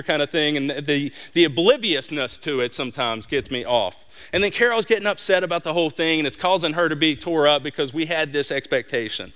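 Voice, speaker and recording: Middle-aged guy preaching, high voice, gets animated telling stories. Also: brisk, clear, resonant tone. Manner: animated storytelling, acts out voices. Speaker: pastor. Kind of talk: sermon.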